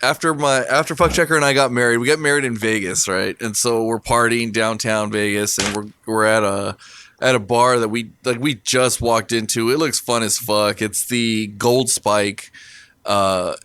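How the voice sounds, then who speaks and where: A man's voice: medium pitch, steady tone, normal speed, fairly bright tone, clean tone. A man co-hosting a podcast, telling stories in loose, crude casual chat. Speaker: podcast co-host.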